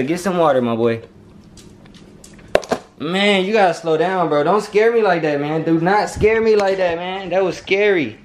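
Chatting straight to his viewers, a man vlogs casually from his home kitchen in an animated way. His voice is high, and there's a slight hiss or hum in the background.

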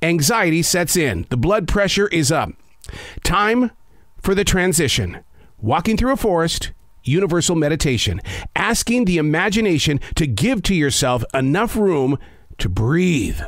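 Lively, dry-voiced man musing slowly. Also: fairly high pitch, no room sound. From North Carolina. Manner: slow, measured, emphatic delivery with dramatic pauses. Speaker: podcast host. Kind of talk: reflective spoken essay. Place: home studio.

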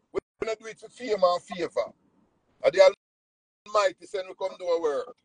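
A man's voice: creaky, no echo, poor audio. Jamaican nutritionist, man, bold swooping delivery, dry close sound. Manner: animated, preachy, swings pitch widely. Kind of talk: casual spiritual storytelling.

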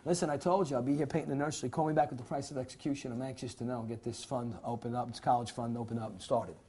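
A man lecturing a finance licensing class with a husky, slightly breathy voice. He teaches theatrically, acting out clients and brokers and checking that the students are following him. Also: mid-range voice, steady tone, rapid-fire, mellow. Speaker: securities licensing instructor. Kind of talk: classroom lecture with acted scenarios.

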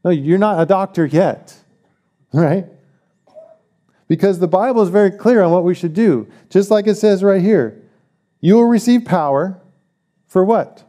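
A man's voice: sits high, unhurried, mellow. A man preaching a sermon as pastor, emphatic, repeating key phrases and asking the congregation questions.

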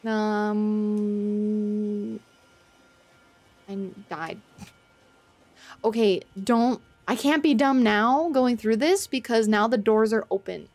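A woman streaming a game, chatting to her viewers in a flustered, self-mocking way, with loud panicked outbursts and casual swearing. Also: medium pitch, very slow, pauses often. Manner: swears casually, talks to chat. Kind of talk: casual gameplay commentary. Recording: faint game music behind.

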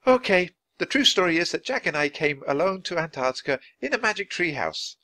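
A man doing an excited little girl. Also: sits high, a little fast, voice pushed up, full character voice. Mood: eager. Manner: excited, chatty. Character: eager talkative young girl.

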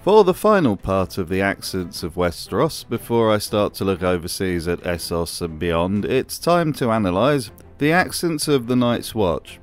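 A man's voice: lowish voice, animated, moderate pace, few pauses, faint music behind. A man narrating a scripted commentary video with a dry, sardonic manner.

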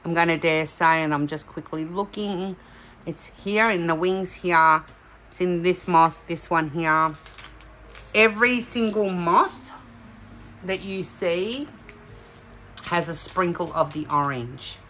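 A middle-aged woman from Australia chatting excitedly as she unboxes craft kits for her vlog. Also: fairly low pitch, slow, long pauses, a little hiss or hum. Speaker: craft vlogger. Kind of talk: casual unboxing chat.

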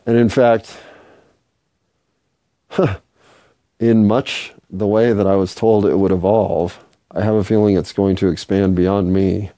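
A man's voice: lowish voice, little pitch movement, slow, long pauses, warm tone, dry recording, studio quality. A man hosting a solo podcast, rambling, swearing freely and joking at his own expense. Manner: rambling, profane and self-mocking. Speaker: podcast host.

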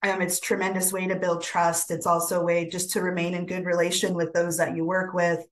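A woman with a somewhat low voice tells a traditional animal story to a webinar audience. She speaks gently and without hurry, and the telling is dotted with soft fillers. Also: monotone, low-quality recording. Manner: gentle, unhurried, many fillers. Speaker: webinar presenter. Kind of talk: oral storytelling.

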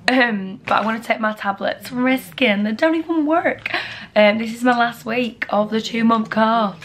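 A woman, chatting casually to camera at home, rambling and often speaking quietly. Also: on the high side, moderate pace, slight background noise. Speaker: lifestyle vlogger. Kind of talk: casual vlog chat to camera. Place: at home in a bedroom at night.

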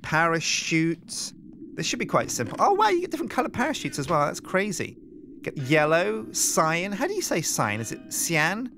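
A man hosting a game let's play, chatting in an animated, rambling way and thinking aloud. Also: fairly high pitch, fairly quick, vocal fry, background noise. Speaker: host.

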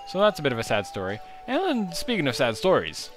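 A man's voice: a little high, wildly swooping pitch, a little fast, hardly any pauses. A man hosting a let's play video, chatting casually and rambling over the gameplay. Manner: rambling and upbeat, with frequent fillers. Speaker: gaming channel host. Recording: game music behind the voice.

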